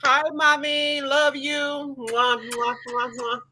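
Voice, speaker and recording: A woman joining her sister on a casual livestream, greeting viewers warmly and expressively. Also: sits high, steady tone, takes it slowly, soft background music. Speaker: guest co-host, host's sister. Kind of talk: casual live chat.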